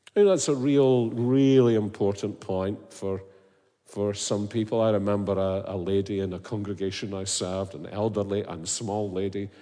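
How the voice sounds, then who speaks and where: A man with a lowish, warm voice preaches an expository sermon, earnest and emphatic, putting questions to his listeners. Long hall reverb trails his words.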